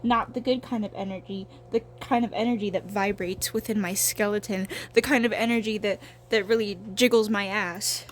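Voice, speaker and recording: A woman's voice: medium pitch, steady tone, normal speed, hardly any pauses, slight background noise. A young woman in her twenties talking casually while she draws, rambling and swearing with a self-deprecating streak. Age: young adult. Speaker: vlogger.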